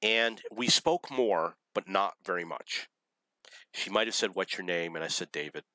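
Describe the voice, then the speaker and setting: Blunt, bright-toned storytelling man. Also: deep voice, moderate pace, no room sound. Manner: blunt, opinionated, laughs at his own stories. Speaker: vlogger telling dating stories. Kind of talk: rambling personal storytelling.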